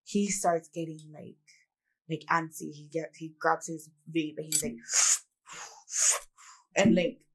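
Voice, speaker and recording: A woman with a lowish voice hosts a casual podcast chat. She tells personal stories in a candid, reflective way, with lots of "like" and "you know". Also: fairly even intonation, slow pace, long pauses, husky. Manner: candid, reflective storytelling with many "like"s. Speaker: podcast co-host.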